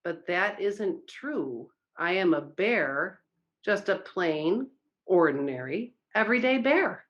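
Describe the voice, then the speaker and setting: Woman reading as a sleepy gentle bear. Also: fairly low pitch, expressive, slow, lo-fi sound. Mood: pleading. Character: sleepy puzzled male bear, gentle and insistent.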